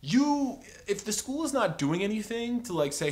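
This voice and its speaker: A man's voice: high-pitched, sing-song, moderate pace, slight background noise. A man giving an opinionated, rambling TV review, exasperated and sarcastic, full of filler words. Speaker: TV episode reviewer.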